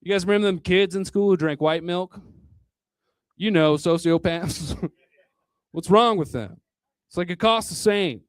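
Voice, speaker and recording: A man's voice: high voice, measured pace, long pauses, clean tone, no echo. A man doing a crude, rambling stand-up comedy set at a live venue, chuckling between jokes into a handheld stage mic.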